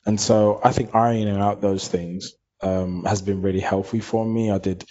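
Thirties guy, open and reflective, lowish voice on a dull recording. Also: steady tone, moderate pace, mellow. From Hackney, London. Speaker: guest. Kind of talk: reflective interview conversation.

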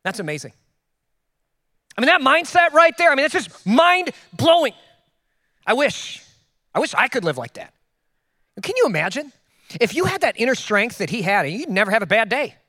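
A man preaching a sermon in a casual, joking way, with quick asides to the congregation. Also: very high voice, big pitch swings, bright, forceful tone, dry recording, studio quality. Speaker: pastor. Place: church.

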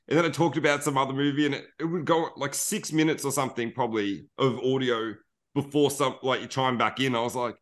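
A man's voice: mid-range voice, a bit bright. A man with an Australian accent, a guest on a podcast, chatting in a rambling, easygoing way. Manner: rambling, easygoing, quick asides. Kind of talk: casual podcast chat.

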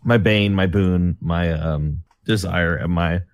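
Over a voice call, a tabletop game player chats casually and eagerly talks his character through aloud. His voice is deep and slow, with a dry, studio-quality recording.

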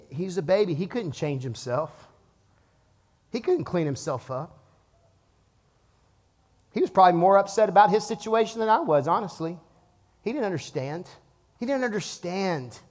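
A pastor in his thirties preaching to his church, telling a lively story and then dropping to a hushed, earnest tone. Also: fairly high pitch. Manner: animated storytelling, swings from loud to hushed. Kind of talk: sermon. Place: church auditorium.

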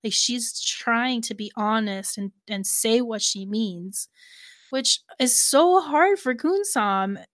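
A woman's voice: a little high, animated, slow, no echo. Chatty woman recapping, dry sound. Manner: chatty, laughs often, many fillers. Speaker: podcast co-host. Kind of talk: casual recap chat.

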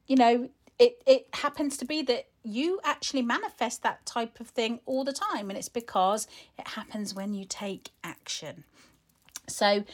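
Woman, wellness coach, chatty, lots of fillers, earnest, open about feelings. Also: mid-range voice. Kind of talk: casual monologue to women.

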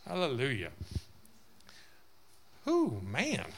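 A man's voice: mid-range voice, wildly swooping pitch, very slow, gravelly, a bit bright. A male pastor preaching a sermon to his church, building in intensity with frequent amens.

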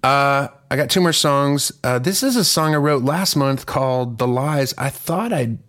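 A man's voice: mid-range voice, a little slow, a bit bright. A musician with a cough chatting casually as host of his song club, rambling, profane and jokey. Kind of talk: casual livestream chat.

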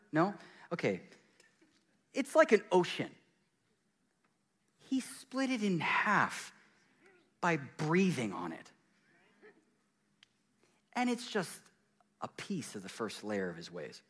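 A pastor preaching a sermon in a church, swinging between excited bursts and hushed, intimate stretches. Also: male voice, on the high side.

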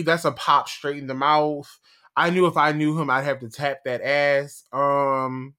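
A man's voice: a little high, bright, forceful tone. A man co-hosting a podcast in casual chat, blunt, sassy and freely profane. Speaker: podcast co-host.

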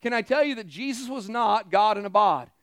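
A man's voice: high voice, brisk, fairly bright tone, no echo. A man preaching a sermon in a conversational way, acting out the quoted lines from the story. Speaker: pastor.

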